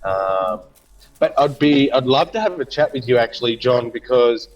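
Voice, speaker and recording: A man's voice: medium pitch, normal speed, low-quality recording. A man talking casually on an online call, hesitant and full of fillers. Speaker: guest. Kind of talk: casual chat.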